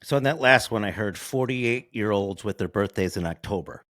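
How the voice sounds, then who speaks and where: A man's voice: on the low side, moderate pace, fairly bright tone. A man co-hosting a podcast, talking in a playful, joking manner. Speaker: podcast co-host. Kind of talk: podcast interview.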